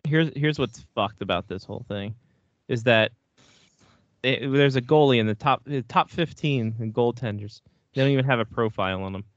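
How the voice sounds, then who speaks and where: A man's voice: medium pitch, normal speed, no echo, dull audio. A man with a cold and a stuffy nose, chatting bluntly and swearing on a hockey podcast. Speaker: podcast co-host. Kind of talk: casual hockey chat.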